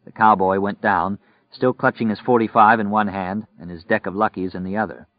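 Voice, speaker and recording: A man reading a novel aloud in steady, measured scripted narration. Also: on the low side, dry recording. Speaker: audiobook narrator. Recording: dry, muffled recording.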